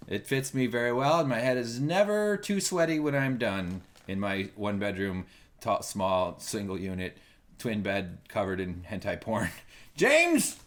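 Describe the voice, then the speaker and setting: A man playing a pompous mock pope who hears a confession, loud and commanding. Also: medium pitch. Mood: grandiose.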